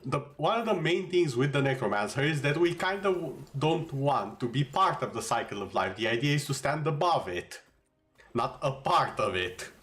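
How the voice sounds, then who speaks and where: Male game streamer, laid-back rambling play-by-play, quick jokes for chat, mid-pitched voice. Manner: relaxed, rambling, jokey asides to chat. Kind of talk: casual gameplay commentary.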